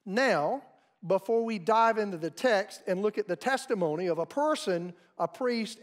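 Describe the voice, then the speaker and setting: An American man preaching a sermon as pastor, measured and deliberate, walking through pronunciations. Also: high-pitched.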